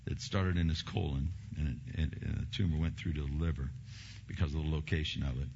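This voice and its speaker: A man's voice: extremely low pitch, steady tone, a little fast, gravelly, darkish tone, slightly rough, dull audio. A middle-aged male pastor preaching a sermon, moving from a personal story to fervent preaching.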